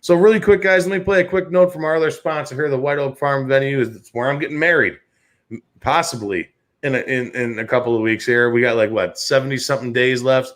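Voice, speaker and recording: A man's voice: mid-range voice, a little fast, fairly bright tone. A man in his thirties from the Chicago area, hosting a sports talk show and telling rambling, profane stories in which he acts out the other voices. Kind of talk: casual podcast storytelling.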